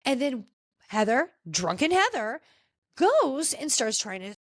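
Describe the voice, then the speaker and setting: A woman's voice: high-pitched, sing-song, slow, dry recording. A woman hosting a podcast, chatting casually and with strong opinions as she recaps a reality TV episode. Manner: chatty and opinionated, talking straight to cast members. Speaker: podcast host.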